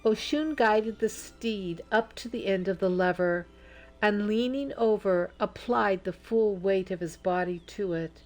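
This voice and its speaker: A woman narrating an audiobook in a slow, measured storytelling manner. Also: mid-range voice, soft background music.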